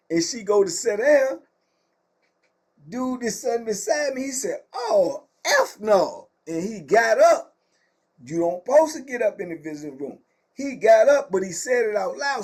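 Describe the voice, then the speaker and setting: A man's voice: high-pitched, warm tone. A man casually retelling a prison story as host, in loose conversational runs.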